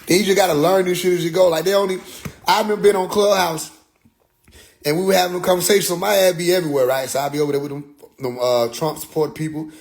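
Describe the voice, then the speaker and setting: A young man casually telling a story as a podcast host, animated and profane, acting out other people's voices now and then. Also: high-pitched, fast, gravelly.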